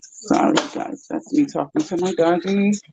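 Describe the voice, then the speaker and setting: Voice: medium pitch, normal speed, gravelly, dark tone, husky, no room sound. A host chatting casually with livestream viewers, talking to the viewers and to pets along the way. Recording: dull lo-fi sound.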